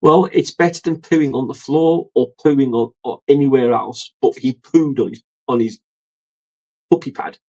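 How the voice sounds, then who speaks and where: A man hosting a casual livestream, rambling with lots of ums and soft laughs. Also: medium pitch, normal speed, muffled recording. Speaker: livestream host. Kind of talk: casual livestream chat reading viewer comments.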